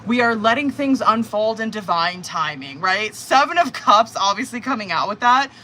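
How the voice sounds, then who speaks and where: A woman's voice: medium pitch, normal speed, a little hiss or hum. A woman doing a live tarot reading, chatting casually, swearing often and acting out her viewer's feelings. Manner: casual, swearing, animated, acts out the querent's thoughts. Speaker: tarot reader.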